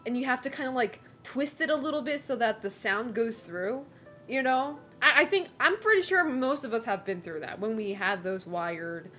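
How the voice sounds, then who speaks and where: A woman's voice: a little high, moderate pace, pushed and bright, faint music behind. A young woman streaming from home, chatting casually with her viewers in a rambling, giggly way and swearing freely. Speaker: game streamer. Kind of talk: casual chat with live chat.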